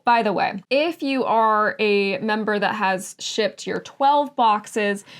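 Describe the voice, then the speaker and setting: A woman book vlogger chatting casually about her picks, filling her talk with "like" and "um" and gushing over books she loves. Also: fairly high pitch. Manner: chatty, full of "like" and "um".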